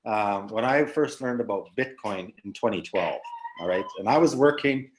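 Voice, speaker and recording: A man from Canada chatting casually on a livestream, halting and padding his talk with fillers. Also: fairly low pitch, animated, slight background noise, poor audio. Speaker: team member guest. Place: Philippines, beach behind him.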